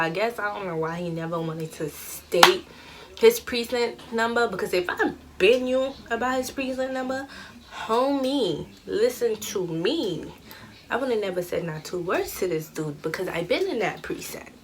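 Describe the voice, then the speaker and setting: A young woman vlogger telling a casual storytime, animated and slangy, acting out the dialogue. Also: medium pitch, normal speed, slight background noise.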